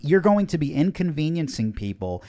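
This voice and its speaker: A man mimicking a bossy, aggressive female flight attendant with a raised, higher voice. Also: big pitch swings, moderate pace, warm tone. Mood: scolding. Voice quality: shrill, finger-pointing, bossy.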